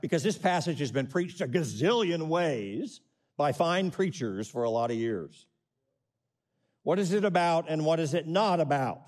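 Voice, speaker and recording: A man's voice: fairly high pitch, darkish tone. A middle-aged man preaching a sermon, reading scripture and asking the congregation questions with rising emphasis. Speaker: pastor.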